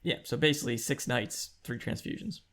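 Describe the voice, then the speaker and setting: A man's voice: mid-range voice, fairly quick, fairly bright tone. A man co-hosting a podcast, casually walking through a novel's plot and chatting it over. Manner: easygoing, steers the discussion through the plot. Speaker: podcast co-host. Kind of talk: casual book discussion.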